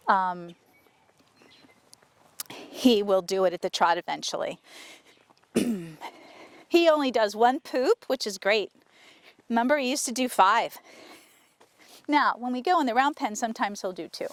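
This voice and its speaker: A woman horse trainer talking casually to her viewers while working a horse outdoors, often breaking off to softly praise the horse. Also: fairly high pitch, a little slow, pauses often, no room sound. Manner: chatty, soothing praise to the horse. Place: outdoor arena.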